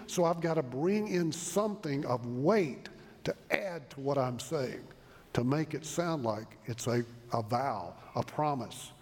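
A man's voice: mid-range voice, a little mellow, husky. A man preaching a sermon, earnest and emphatic, often restarting his phrases as he explains a passage. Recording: long reverb of a large hall.

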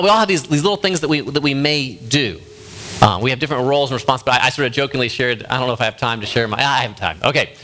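A man's voice: medium pitch, a bit bright. A man preaching a sermon in a folksy, self-deprecating way, telling stories with animation. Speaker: pastor.

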